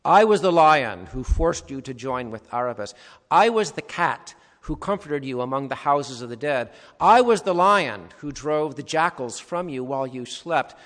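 Man voicing a great lion, deep, calm, measured, storybook read-aloud, long hall reverb. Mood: solemn.

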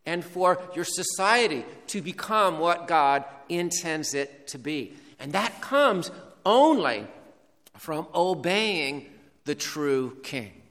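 A male preacher delivers a sermon slowly and deliberately, leaning on key words. His voice is bright and a bit high, carried by the long reverb of a hall. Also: expressive.

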